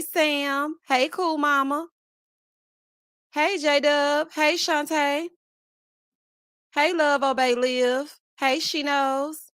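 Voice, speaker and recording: A woman's voice: high voice, fairly bright tone, dry recording, studio quality. A woman hosting a casual live stream, greeting viewers one by one and making sassy, playful asides. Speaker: livestream host.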